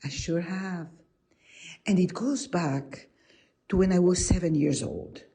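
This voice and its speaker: A woman's voice: on the low side, slow, warm tone, breathy edge, exaggerated voice. A woman storyteller voicing an ancient, centuries-old wise woman in a told tale. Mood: reminiscing. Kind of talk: oral storytelling.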